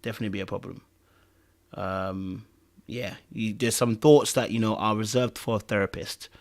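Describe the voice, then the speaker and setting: A man's voice: fairly low pitch, fairly even intonation, normal speed. A man hosting a podcast in casual chat, rambling and checking in with "okay?" and "you know what I mean". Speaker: podcast host.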